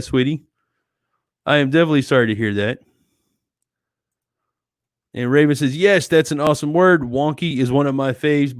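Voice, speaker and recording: This is a US man chatting through viewer comments on a late-night livestream from his house, friendly and relaxed, tossing out "dude" and "sweetie." The sound is intimate and dry, no reverb, and his voice falls in the middle pitch range.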